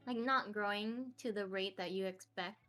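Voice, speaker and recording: A woman's voice: medium pitch, moderate pace, sharp tone. A young woman streamer chatting casually as a podcast guest, laughing often. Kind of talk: casual interview chat.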